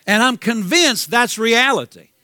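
A man's voice: extremely high pitch, animated, measured pace, bright, forceful tone. A man preaching a sermon with a Southern US accent, fervent and repetitive, calling out hallelujah. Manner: fervent, repeats himself, calls out hallelujah.

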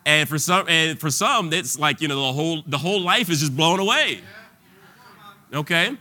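A man's voice: on the high side, expressive, normal speed, pushed and bright. A man preaching an informal sermon in a conversational way, full of restarts and fillers, at times rising to bold declarations.

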